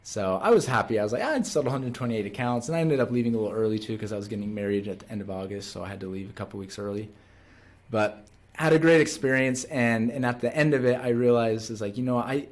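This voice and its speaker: Man, thirties, salesman, casual monologue, earnest, rambling, middle pitch. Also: fast talker. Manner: earnest, rambling with frequent restarts. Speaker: door-to-door salesman.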